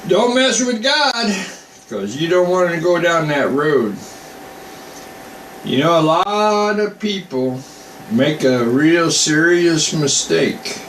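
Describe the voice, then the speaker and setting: A man's voice: on the high side, lively intonation, slow pace, fairly bright tone, distant mic. A man giving an informal Bible teaching on a live online broadcast. He talks in a folksy way, reading scripture aloud and then commenting on it in his own plain words. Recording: echoey room, voice from off mic, faint hum.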